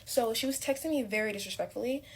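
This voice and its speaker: A woman's voice: fairly high pitch, fast talker, a little hiss or hum. A young woman telling a casual story-time tale about college friends in a rambling, filler-heavy way. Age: young adult.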